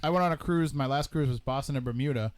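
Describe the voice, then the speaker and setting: A man from Massachusetts hosting a casual radio talk show, ranting in an opinionated, animated way. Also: medium pitch, quick pace.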